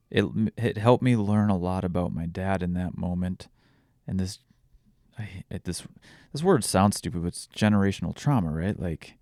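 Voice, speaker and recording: Low gravelly dad talking through tears, stops and restarts a lot. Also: male voice, mellow, no room sound, studio quality. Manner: halting, with many restarts and pauses. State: tearful, voice breaking. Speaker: vlogger sharing a personal story; father. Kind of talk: candid personal storytelling.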